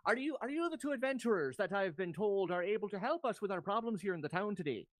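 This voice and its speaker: A man voicing a hearty male town mayor in a put-on Irish accent, booming and calling the adventurers lads. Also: expressive, fast, no echo. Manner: boisterous, calls them lads.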